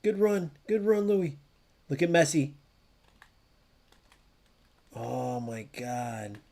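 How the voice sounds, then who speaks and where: A young man streaming a football video game, reacting loudly to plays, swearing often and answering viewers in chat. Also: a little high, very animated, very slow, creaky. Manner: chats with live viewers by name. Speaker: gaming streamer. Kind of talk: live gameplay commentary.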